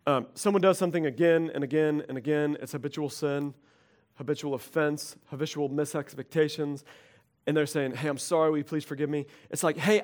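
A middle-aged male pastor preaching a conversational sermon, animated and acting out quoted voices. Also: a little high.

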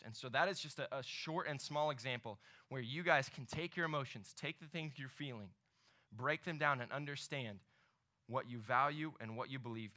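Young male ministry leader, very bright tone, mid pitch, chatty storytelling sermon. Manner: conversational preaching, animated storytelling with asides to the audience.

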